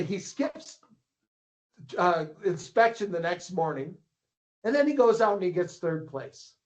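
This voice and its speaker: A man in his sixties with a voice that sits high, appearing as a guest on a podcast. He's a longtime ski racing coach and publisher who tells anecdotes in a rambling way, repeating words and acting out what others said. The lo-fi podcast audio sounds slightly muffled.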